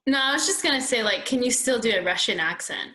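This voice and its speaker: A woman's voice: on the high side, animated, quick pace, pushed and bright. A young adult woman co-hosting a podcast, chatting casually in a giggly, rambling way. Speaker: podcast co-host. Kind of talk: casual chat.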